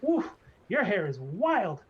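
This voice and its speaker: A man's voice: sits high, wildly swooping pitch, slow, breathy edge, voice pushed up, exaggerated voice. A man voicing a fussy little male gnome barber who rambles eagerly and a bit creepily. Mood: fawning. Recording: slightly dull lo-fi mic, faint noise.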